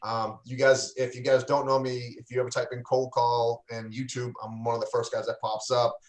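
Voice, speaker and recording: A man's voice: medium pitch, flat delivery, a little fast. A man, a real estate coach, talking casually on a livestream interview over a video call, loose and full of fillers and restarts. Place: indoors, home in a cold city. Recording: echoey room.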